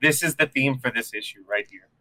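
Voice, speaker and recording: A man's voice: mid-range voice, a little fast. A man co-hosting a casual comic book chat, recapping the issue and acting out the characters' lines. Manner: animated, acts out characters' lines while recapping. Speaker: comic book podcast co-host.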